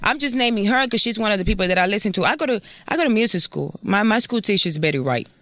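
A Puerto Rican woman in her thirties talks quickly as an interview guest. She is blunt and profane, with a bright edge on every word and a dry, close sound. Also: medium pitch, lively intonation, no room sound. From Puerto Rico. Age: 30s. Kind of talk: casual interview chat.

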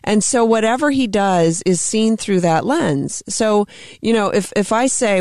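A woman's voice: mid-range voice, expressive, unhurried, a little mellow, no room sound, studio quality. A woman hosting a political talk radio show, speaking emphatically and asking pointed rhetorical questions.

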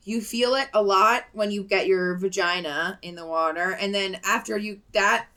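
A woman's voice: mid-range voice, normal speed, sharp tone. A woman co-hosting a podcast over a video call, chatting in a rambling, candid way and laughing often. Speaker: podcast co-host. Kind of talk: casual chat.

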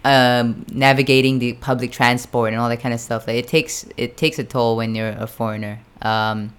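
A young man from Japan with a smooth, clear voice tells a long, meandering story to a friend. He leans hard on fillers and keeps checking in with his listener. He drops a curse word here and there. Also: mid-range voice, level tone, normal speed, a bit bright. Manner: rambling, filler-heavy, sprinkled with swearing. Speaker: storyteller in a casual chat. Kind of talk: casual chat.

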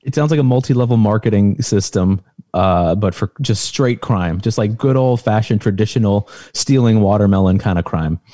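A man's voice: on the low side, moderate pace, mellow, no room sound, studio quality. A man co-hosting a podcast, tossing in wry joking asides. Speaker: podcast co-host. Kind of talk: casual comedic chat.

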